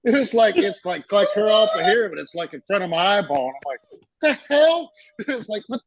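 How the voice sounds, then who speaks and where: A man in casual chat as a podcast co-host, telling animated stories and acting out quotes with frequent swearing. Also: high-pitched, fast, dry recording, rough recording. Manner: animated storyteller, swears freely, acts out quotes.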